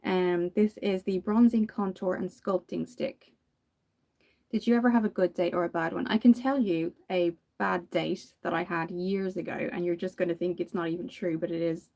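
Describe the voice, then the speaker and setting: Mellow-voiced Irish woman chatting. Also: fairly low pitch, steady tone, normal speed. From Ireland. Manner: chatty storytelling, laughs often. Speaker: makeup vlogger. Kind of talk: casual chat while doing makeup.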